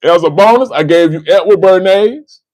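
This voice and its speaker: Livestream host, American man, high-pitched and insistent, dry close sound. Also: moderate pace, darkish tone, no echo, low-quality recording. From United States. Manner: emphatic, repeats phrases, addresses a listener by name. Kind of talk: impassioned livestream commentary.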